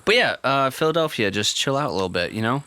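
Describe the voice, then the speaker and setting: A man co-hosting a casual podcast, playful and quick to laugh at his own bits. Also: mid-range voice, sing-song, bright, forceful tone, clear, resonant tone, no echo. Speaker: podcast co-host. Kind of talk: casual chat.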